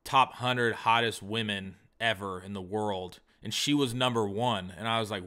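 A man chats on a comedy podcast with a bright, forceful voice. He tells his stories casually and swears freely, and he acts out the other people in them. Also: fairly low pitch, normal speed, few pauses, smooth. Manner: profane storyteller, animated retellings. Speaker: podcast co-host.

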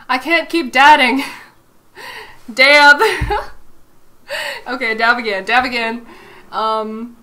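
A woman's voice: fairly high pitch, sharp tone. A young woman streaming from home, chatting casually and playfully as she answers her chat. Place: home room.

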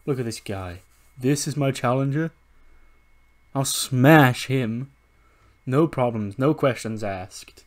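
This is a cocky wrestling champion, put on by a man narrating a game, dragging his words out slowly and with menace. He sounds like he never doubts he will win. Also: medium pitch, lightly acted. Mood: menacing.

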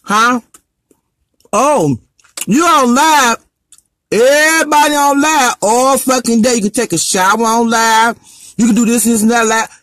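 A man with a strikingly high voice, captured dry and close with no room sound. He rants brashly and profanely as a comedian, his lines rising into a sing-song, preaching lilt. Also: a little slow, pauses often, fairly bright tone, dry recording. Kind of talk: profane live-stream rant.

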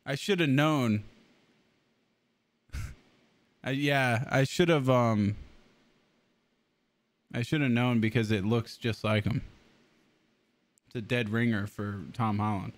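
A man talking to his viewers while he plays a game. He chats loosely at a middle pitch, swears freely and laughs often between lines. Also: slow pace, long pauses, dry recording. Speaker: game streamer. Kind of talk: casual live-stream chat.

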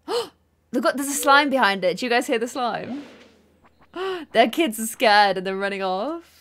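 A woman's voice: on the high side, a little slow, a little hiss or hum. Bubbly woman narrating a game. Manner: bubbly, gasping, excitable. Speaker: gaming channel host. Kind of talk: co-op let's play commentary.

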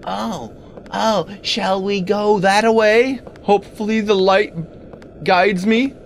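A man giving let's-play commentary on a game, animated and talking back to the things on screen with sudden exclamations. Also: high-pitched, slow, slight background noise. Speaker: gaming video creator.

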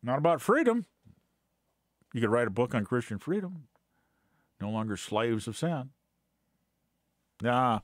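Lively-pitched man teaching with scorn. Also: dry recording, clean studio sound. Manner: hesitant, many fillers and restarts, rising to scornful emphasis. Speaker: Bible teacher. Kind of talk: unscripted teaching commentary.

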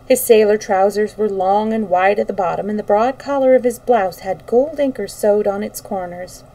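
A woman reading a children's book aloud on a livestream, relaxed, with small slips. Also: medium pitch, moderate pace, recorded from a distance, poor audio. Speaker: storyteller.

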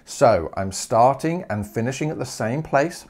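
A man teaches maths in a humorous video lesson, jokey and animated, firing off rhetorical questions. His voice is mid-range and his pace unhurried.

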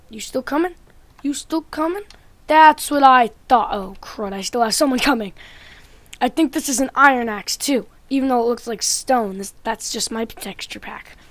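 High-voiced playful gamer woman, dry sound. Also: lively intonation, measured pace, dry recording. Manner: playful trash-talking, swinging between loud taunts and quiet muttering. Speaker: gaming YouTuber. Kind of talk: Minecraft gameplay commentary.

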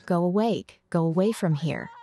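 A fairly low-pitched woman's voice for a young adult daughter, emphatic and repeating herself. It is a dubbed drama voice-over. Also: lively intonation, normal speed, dark tone. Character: young adult daughter, heartfelt then furious.

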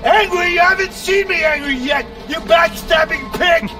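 A furious betrayed convict. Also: male voice, extremely high pitch, normal speed. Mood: enraged. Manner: shouting, swearing, threatening. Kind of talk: video game cutscene acting. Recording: distant game audio under loud music.

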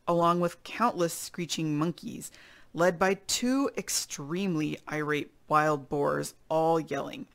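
A woman reading a children's chapter book aloud in an expressive storytelling style. Her voice is low and gravelly with vocal fry. She breaks off now and then for chatty asides to her young listeners. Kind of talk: read-aloud storytelling for kids.

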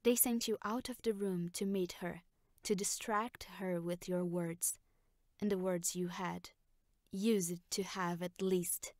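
A woman's voice: on the low side, fairly even intonation, dry recording, studio quality, natural voice. A woman actor playing a reproachful woman's voice of blame in an experimental theater monologue. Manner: measured and reproachful. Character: slow, brooding woman voice of blame. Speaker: stage actor.

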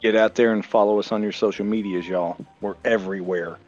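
A man co-hosting a laid-back movie podcast, telling the story with animated, profane energy. His audio sounds a little muffled and dull, with soft music playing faintly underneath. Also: fairly low pitch, fairly quick. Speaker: podcast co-host. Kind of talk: casual movie-review chat over beer.

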